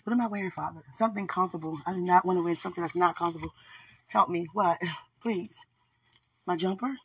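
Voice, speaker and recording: A woman's voice: on the low side, fast talker, husky. A woman hosting a podcast, chatting casually into her phone while getting dressed at home, playful and teasing, and a little out of breath. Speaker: podcast host.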